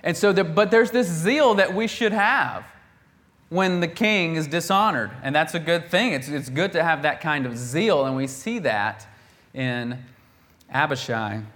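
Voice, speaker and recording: Animated male preacher, conversational. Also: a little high, measured pace. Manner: animated, acts out the quoted characters with bursts of volume; conversational, with laughs and restarts. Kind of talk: sermon.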